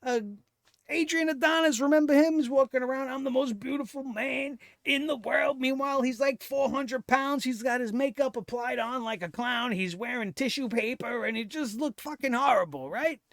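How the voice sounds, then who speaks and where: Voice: high voice, moderate pace, a bit bright, no echo. Sweary sarcastic wrestling reviewer going off on a rant, dry close sound. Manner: profane, sarcastic, heated rant. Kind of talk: ranting show review.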